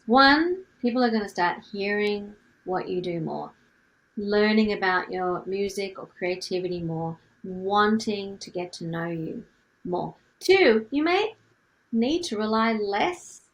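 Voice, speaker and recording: A middle-aged woman with a light Australian accent teaches music business with lively energy, firing off one rhetorical question after another. Her voice sits at a middle pitch with a noticeable gravelly fry at the ends of phrases. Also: a little slow, poor audio. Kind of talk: teaching to camera.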